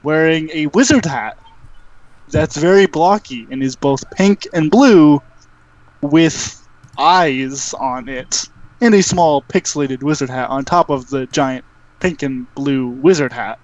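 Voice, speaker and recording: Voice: medium pitch, takes it slowly, a little mellow, no echo. Game master for a tabletop game; rambling and hesitant delivery, dull lo-fi sound. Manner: rambling, hesitant, filler-heavy narration.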